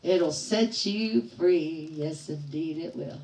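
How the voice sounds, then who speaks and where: Middle-aged woman host, chatty livestream storyteller, lively quoted voices, echoey room, mic at a distance. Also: sits low, slow pace. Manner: animated storyteller acting out quoted voices, laughing often. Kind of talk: casual storytelling to live chat.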